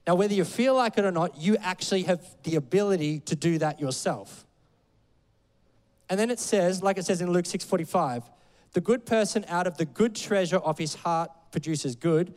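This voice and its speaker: A man's voice: high-pitched, normal speed, darkish tone, long reverb tail. A man preaching a sermon in a loose, conversational way, full of fillers and playful asides. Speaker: pastor. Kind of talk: casual sermon.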